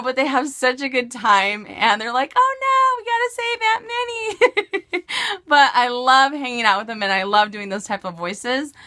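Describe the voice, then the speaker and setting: A woman's voice: a little high, bright, forceful tone. A woman from California answering viewer questions in a casual vlog, bubbly and chatty with frequent giggles. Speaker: beauty and fashion vlogger.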